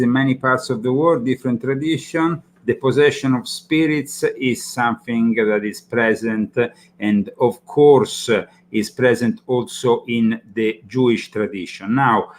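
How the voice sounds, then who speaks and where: A man with an Italian accent hosting a talk show, speaking in halting sentences full of fillers and repeated words. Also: mid-range voice. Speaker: host. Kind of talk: casual talk-show commentary.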